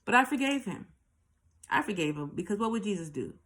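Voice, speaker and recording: This channel host speaks fairly quickly in a mid-range, fairly bright voice, and she's very animated. Her candid personal story comes out blunt and profane, with lines repeated for emphasis.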